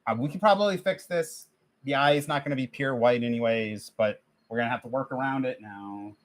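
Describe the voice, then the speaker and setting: A man's voice: medium pitch, brisk. A man hosting a livestream, chatting casually while he draws and rambling with many restarts. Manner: complains, then gives step-by-step drawing tips. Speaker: livestream host. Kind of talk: casual chat while drawing.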